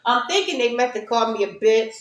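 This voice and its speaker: A woman's voice: a little high, expressive, fairly quick. Chatty woman on a roomy livestream. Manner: chatty, reflective, talks straight to viewers, laughs often. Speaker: livestream host. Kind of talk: casual livestream chat.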